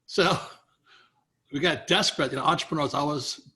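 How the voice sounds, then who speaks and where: An older man with a bright, forceful voice sitting higher than most men's, spinning an anecdote for an interviewer. He slips into other people's voices as he quotes them and chuckles along the way. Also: moderate pace. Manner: animated storyteller, acts out quoted people, chuckles often. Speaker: interview guest, author. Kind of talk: storytelling in a conversational interview.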